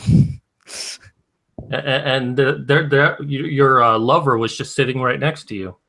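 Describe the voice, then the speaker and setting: A man co-hosting a casual commentary chat, making steady, argumentative points. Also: mid-range voice, slow pace, creaky. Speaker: co-host.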